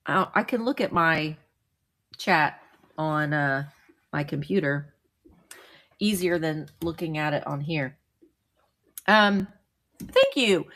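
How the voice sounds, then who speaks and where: A woman hosting a vintage seller livestream speaks low and slow, pausing often, her voice a bit bright. She chats loosely with viewers, greeting them by name and rambling with frequent restarts.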